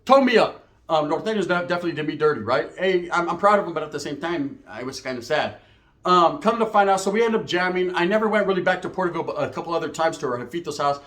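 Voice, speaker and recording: A man's voice: on the high side, animated, fast, a bit bright. A man from Merced, California, telling a story in casual slang-heavy, profane street talk.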